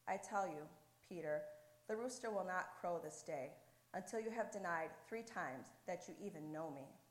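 A woman reading the words of a calm, solemn male teacher, slowly and gravely. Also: high voice, roomy sound, lightly acted.

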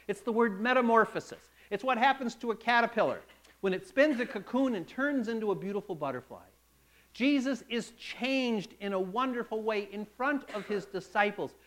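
A man's voice: high-pitched, a bit bright. A male preacher delivering a sermon, telling a Bible story dramatically and acting out the quotes.

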